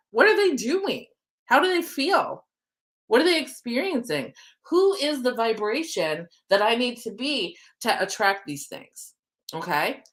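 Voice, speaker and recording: A woman with a slightly high, somewhat bright voice hosts a casual livestream oracle card reading, chatty and playful with a bit of casual swearing. She's an oracle card reader and manifesting coach, recording at a desk setup with computer screens.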